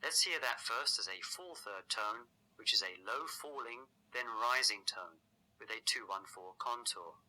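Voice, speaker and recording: A man narrating a scripted language lesson in a measured, explanatory way. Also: medium pitch, pushed and bright, low-quality recording. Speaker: language teacher.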